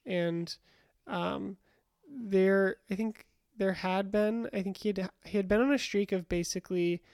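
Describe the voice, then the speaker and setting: A woman's voice: mid-range voice, unhurried, a little mellow, no room sound, studio quality. A young woman co-hosting a podcast, chatting casually about a reality show with lots of fillers and restarts. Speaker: podcast co-host.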